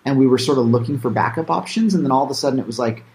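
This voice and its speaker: A man's voice: mid-range voice, lively intonation, rapid-fire, darkish tone, echoey room, a little hiss or hum. A man, a filmmaker being interviewed, talking casually with many fillers and restarts. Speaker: filmmaker guest.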